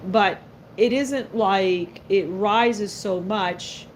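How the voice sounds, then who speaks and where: A woman's voice: medium pitch, drawn-out words, a little hiss or hum. A woman doing a live-stream tarot reading. She is blunt and sassy and speaks straight to her viewers. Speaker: tarot card reader.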